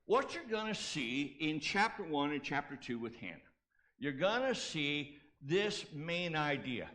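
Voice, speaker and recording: Unhurried and a bit bright, this pastor's fairly high, sing-song voice carries a sermon built on call-and-response with the congregation. Key phrases come back again and again for emphasis, mixed with offhand asides and self-corrections.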